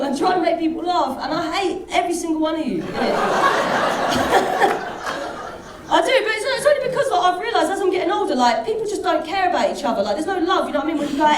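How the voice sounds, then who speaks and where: A woman doing a stand-up routine, crude and animated, throwing questions at the crowd. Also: extremely high pitch, noisy background. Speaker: stand-up comedian. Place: comedy club stage. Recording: roomy distant live stage sound with crowd. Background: audience laughter.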